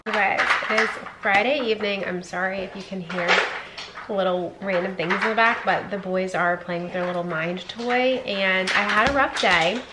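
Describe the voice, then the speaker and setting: A woman's voice: mid-range voice, moderate pace, very noisy. A woman in her twenties, a nurse practitioner talking casually to the camera, chatty and venting with lots of fillers. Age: 20s. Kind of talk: casual vlog chat.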